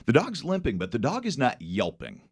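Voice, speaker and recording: A man hosting a morning show, telling a story in casual chat, animated, with frequent hesitations and restarts. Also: medium pitch, moderate pace, husky, no room sound, clean studio sound.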